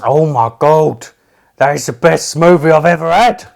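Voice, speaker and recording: A man doing a gravelly, brash, laddish woman. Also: on the high side, unhurried. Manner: loud, brash, gravelly and blokey. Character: gruff, laddish hungover woman, loud and crude.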